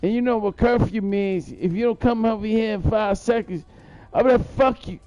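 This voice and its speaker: A man's voice: high-pitched, normal speed, warm tone, no echo, soft background music. A man rambling through a profane, boastful story in a live-stream monologue, repeating himself as he goes.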